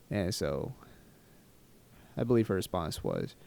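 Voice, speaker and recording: Animated, rambling man telling a travel story. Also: on the low side, normal speed, creaky, long pauses, no echo. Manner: animated, rambling and self-mocking. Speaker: travel vlogger. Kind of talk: storytime vlog narration.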